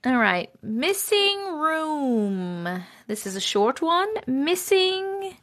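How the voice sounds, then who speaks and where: A woman hosting a live stream, chatting casually, swearing freely and reading viewer stories aloud with loud disbelief. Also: high voice, big pitch swings, extremely slow.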